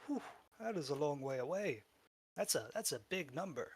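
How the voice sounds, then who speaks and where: A man's voice: on the high side, sing-song, normal speed, breathy edge, dry recording, full character voice. A man voicing a shapeshifting male goblin who pleads and coaxes in a raised, half-whispered voice. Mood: wheedling. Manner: pleading, coaxing, partly whispered.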